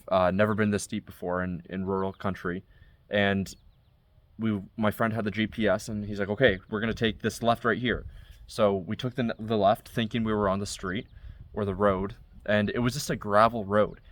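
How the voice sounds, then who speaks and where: A man's voice: fairly low pitch, dry recording. A young man casually telling a story from his own life, step by step, in a conversational way. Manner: conversational, recounting events step by step. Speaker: vlogger.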